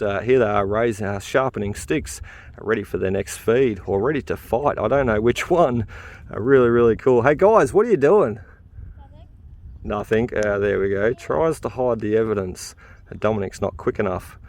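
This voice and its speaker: Medium in pitch and darkish in tone, this detecting channel host talks casually outdoors in a field. His chatty manner comes with easy laughter and frequent "uh"s.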